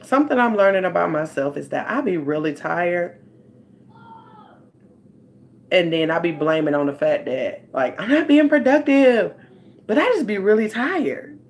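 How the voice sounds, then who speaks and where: Talking into her phone at home, a woman casually catches up with her livestream audience in the rambling, conversational manner of a life coach. Her voice is lowish and animated at a moderate pace, with a little hiss or hum in the recording.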